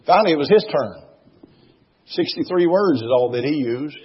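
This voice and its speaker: A male preacher delivering a sermon, emphatic and repetitive, rising into loud exhortation. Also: fairly high pitch, expressive, brisk, slightly rough. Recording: dull lo-fi recording.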